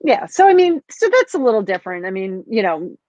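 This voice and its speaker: A woman's voice: mid-range voice, big pitch swings, fairly quick, darkish tone, dry recording. A woman co-hosting a podcast, ranting bluntly in casual chat and swearing freely. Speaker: podcast co-host. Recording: dull dry lo-fi sound.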